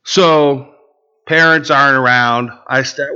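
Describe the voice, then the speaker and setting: A pastor preaching a sermon in an animated way, firing rhetorical questions and asides at his congregation. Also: mid-range voice, a little slow, clean tone, lo-fi sound.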